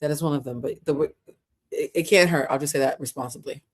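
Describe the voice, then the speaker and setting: A woman's voice: low-pitched, quick pace, slightly rough. A woman hosting a casual livestream, chatty and laughing often, with a Black way of talking and easy swearing. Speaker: host.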